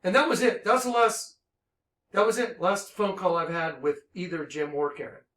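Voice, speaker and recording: A man acting as a self-styled minister, giving an impassioned religious monologue that swings between hushed tones and shouting. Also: high voice, fairly even intonation, moderate pace, reverberant.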